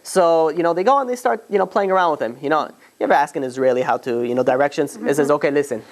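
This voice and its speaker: Male teacher telling the story to a class, conversational, halting, with plenty of "you know"s. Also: fairly high pitch, background noise. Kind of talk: informal storytelling lesson to students.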